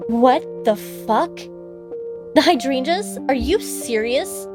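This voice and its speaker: A woman's voice: high-pitched, animated, slow, music in the background. Woman reading as a sickly, clingy young man. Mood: angry.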